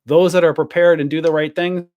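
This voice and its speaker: Guy ranting at the camera, kinda high voice, blunt and rambly, swears a lot. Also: little pitch movement, fairly quick, a little mellow, dull audio. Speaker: stock trading channel host.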